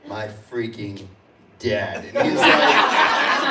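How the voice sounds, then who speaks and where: Slow-paced with lively intonation, a mid-range male voice belongs to a convention panel host and panelist sharing an amusing story punctuated by self-mocking laughs. The recording carries hall echo, a distant mic, and audible noise from the convention space.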